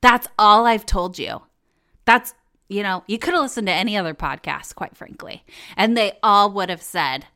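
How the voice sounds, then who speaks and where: A woman hosting a casual podcast, her voice hoarse and cracking in and out, chatty and joking, with free swearing. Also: mid-range voice, normal speed, pushed and bright. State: hoarse, voice going in and out. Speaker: podcast host.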